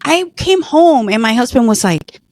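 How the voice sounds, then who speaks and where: A woman's voice: on the high side, big pitch swings, moderate pace, a little mellow, no echo, studio quality. A middle-aged woman earnestly telling a personal story in conversation, emotional at times. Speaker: guest, former patient.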